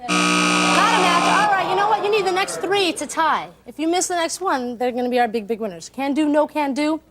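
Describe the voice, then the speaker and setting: A woman's voice: high voice, heavy background noise. A woman hosting a television game show with bubbly quips, speaking in a put-on English accent. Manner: bubbly, quick quips to contestants. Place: TV studio with live audience. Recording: loud studio music and audience.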